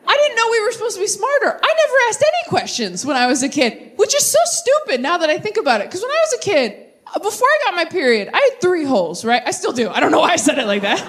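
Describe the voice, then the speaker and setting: Brash, animated young woman doing stand-up. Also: very high voice. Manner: brash, profane, rapid tangents. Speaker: stand-up comedian. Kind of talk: live stand-up with crowd work. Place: comedy stage before a live audience.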